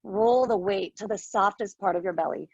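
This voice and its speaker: A woman leading a yoga class, giving firm, steady cues with bits of encouragement. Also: mid-range voice, normal speed, breathy edge, no echo, muffled recording. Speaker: yoga instructor. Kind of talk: live class instruction.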